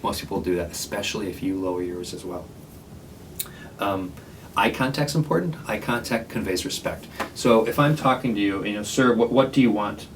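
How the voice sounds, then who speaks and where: A man's voice: lowish voice, a little fast, fairly bright tone, far from the mic, slight background noise, low-quality recording. A man who works at a homeless shelter, giving a casual, earnest training talk to librarians with many fillers and restarts.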